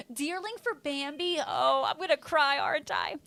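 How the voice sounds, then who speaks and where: A woman's voice: high-pitched, measured pace, vocal fry, sharp tone, soft background music. A young woman streaming live, chatting casually and bubbly as she reads out her viewers' messages.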